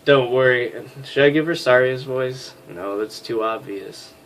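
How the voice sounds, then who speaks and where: Slow-talking man, self-mocking game commentary. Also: medium pitch, a bit bright, slight background noise. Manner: self-mocking, swears freely. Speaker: let's play host.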